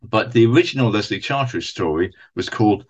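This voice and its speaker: A man's voice: on the low side, lively intonation, quick pace, highs cut off. A man co-hosting a podcast, methodically reading out actors' credits and dates in a casual chat about old television. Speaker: podcast co-host.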